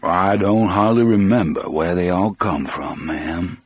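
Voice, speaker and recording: A man voicing a huge, gentle prisoner in an audiobook, speaking softly and humbly with a Southern accent. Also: low voice, measured pace, slightly rough, no echo. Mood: humble. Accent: American Southern. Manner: soft, humble, plain-spoken. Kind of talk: audiobook character voice.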